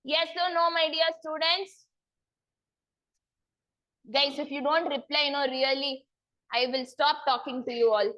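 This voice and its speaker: A woman's voice: sits high, fairly even intonation, measured pace, long pauses, a bit bright, muffled recording. Woman as a patient lecturer, drawls each point twice, quizzing students. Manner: repeats phrases, quizzes students often. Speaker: teacher. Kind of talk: online class lecture.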